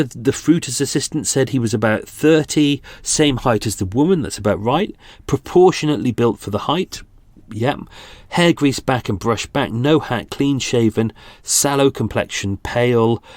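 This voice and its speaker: A man's voice: mid-range voice, no echo. Chatty British man in his forties. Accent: British English. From England. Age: 40s. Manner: chatty, self-deprecating, with restarts and asides. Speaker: podcast host. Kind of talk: casual true-crime podcast narration.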